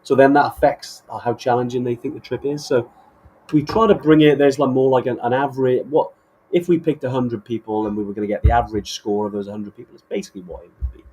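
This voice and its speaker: A man's voice: medium pitch, steady tone, fast, a little mellow, a little hiss or hum. A man co-hosting a podcast in casual chat, enthusiastic and rambling with many restarts. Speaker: podcast co-host.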